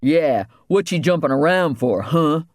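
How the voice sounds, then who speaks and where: A man voicing a nosy male bandit in jail who prods in loud street slang. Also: a little high, animated, a little slow, no room sound, studio quality. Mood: prodding.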